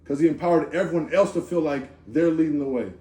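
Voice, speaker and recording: A man giving an informal, animated sermon at a holiday gathering, talking in a conversational, slangy way with lots of asides. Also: a little high, quick pace. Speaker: speaker giving a Torah talk. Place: Sukkot gathering in a room. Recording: echoey room.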